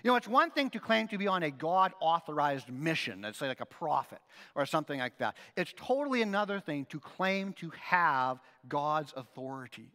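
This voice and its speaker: A man delivers a sermon in an animated, conversational manner, his voice pitched high and swinging widely. His tone is bright and forward. The sound carries the long reverb of a big hall. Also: moderate pace. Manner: animated, conversational preaching with frequent "right?" asides. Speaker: pastor.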